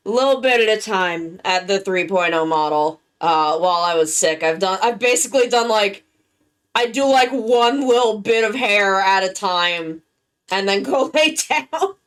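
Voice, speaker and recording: A worn-out woman chatting casually with her live-stream viewers, halting and rambling as she recovers from being sick. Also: medium pitch, fairly bright tone, clean tone. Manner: rambling, halting, with many restarts. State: worn-out and tired, recovering from illness.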